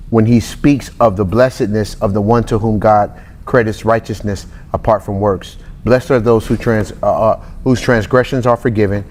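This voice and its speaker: A man in his forties giving a lively, conversational Bible teaching, talking straight to his listeners and acting out the people in his stories. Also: fairly low pitch. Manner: animated, talks straight to the audience, acts out quotes. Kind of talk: conversational sermon-style teaching.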